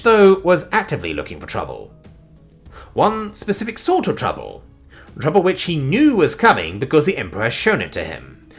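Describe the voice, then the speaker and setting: Lively male story narrator. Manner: animated and expressive, with sudden swings in pitch and loudness.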